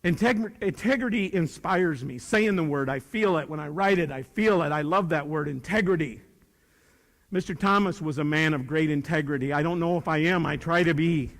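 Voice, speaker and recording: An older man giving a live motivational talk to young people, animated and swinging between loud bursts and hushed asides. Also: a little high, normal speed. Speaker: motivational speaker. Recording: reverberant hall.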